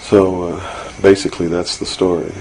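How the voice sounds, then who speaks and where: Faint hiss from an old 1992 tape runs under this low-quality recorded interview. The man, a guest, speaks at normal speed in a low, darkish voice with little pitch movement, pressing his points earnestly amid many fillers and restarts.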